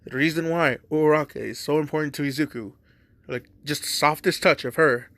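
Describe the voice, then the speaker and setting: A man spins a fan story in a loose, rambling manner, full of fillers and the odd curse. His voice sits fairly high. The sound is dry and close, with no room echo. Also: brisk, fairly bright tone. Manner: rambling, lots of "like", swearing. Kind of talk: casual storytelling.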